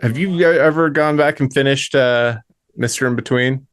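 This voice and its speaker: A man's voice: mid-range voice, moderate pace, fairly bright tone, clean tone, no echo. A man co-hosting a casual movie chat, easygoing and asking short questions. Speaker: podcast co-host.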